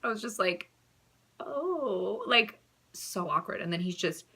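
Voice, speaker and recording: A woman's voice: fairly low pitch, moderate pace, bright, forceful tone. A young American woman telling her own stories to the camera in a casual, chatty way, giggling, trailing off and restarting her sentences. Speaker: vlogger.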